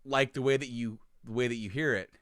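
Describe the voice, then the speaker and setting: A man's voice: medium pitch, steady tone, fairly quick, fairly bright tone, clear, resonant tone, no echo, clean studio sound. A man co-hosting a podcast, telling a story in casual chat, laughing as he goes and restarting his sentences. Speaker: podcast co-host.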